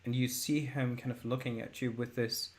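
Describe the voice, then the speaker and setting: A man narrating a horror tabletop game as game master, in a measured, descriptive way. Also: medium pitch, flat delivery.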